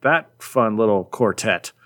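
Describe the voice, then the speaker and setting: A man in casual chat, animatedly retelling a comic book plot and briefly voicing its characters. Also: fairly low pitch. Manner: rambling, animated retelling with quick voices for characters. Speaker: podcast co-host recapping a comic.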